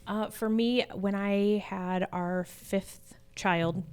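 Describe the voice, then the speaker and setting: A mother in a casual podcast chat, telling a family story in an earnest, expressive way. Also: medium pitch, drawn-out words, smooth. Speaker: mother guest.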